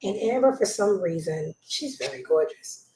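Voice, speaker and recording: A woman's voice: medium pitch, lively intonation, normal speed, vocal fry, noisy background. Blunt woman gossip host, roomy sound. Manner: blunt, judgmental, swings between loud outbursts and hushed asides. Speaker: show host. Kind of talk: casual gossip commentary. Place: home room with a child nearby. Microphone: desk mic.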